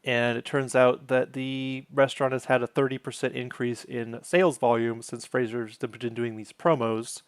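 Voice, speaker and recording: A man's voice: mid-range voice, steady tone, moderate pace, few pauses, clean tone, no room sound. A man hosting his own channel, casually recapping a sitcom episode, wandering off on tangents and correcting himself as he goes.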